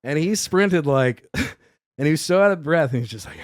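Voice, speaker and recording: A man's voice: a little high, animated, brisk, no echo, studio quality. A middle-aged man with a New York accent, a comedian guest telling a story in casual podcast chat, acting out both sides of the dialogue. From Staten Island, New York.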